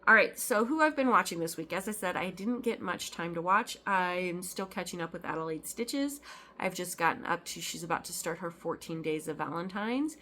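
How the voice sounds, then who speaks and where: A woman hosts a cross-stitch vlog in a relaxed, meandering way. Her voice sits on the low side. She fills pauses with ums and restarts her sentences, and a faint background hum sits under her talk. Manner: rambling, full of ums and restarts. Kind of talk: casual chat.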